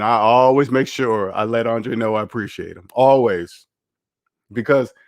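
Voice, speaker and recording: A man's voice: medium pitch, dry recording, studio quality. A man hosting a finance livestream, rambling and candid as he reads the chat aloud and chats casually.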